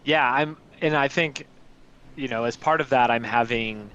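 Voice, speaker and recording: A man playing a tabletop game, speaking in character in a relaxed, hesitant way. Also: medium pitch, normal speed, smooth, lo-fi sound. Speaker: player. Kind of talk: in-character tabletop role-play.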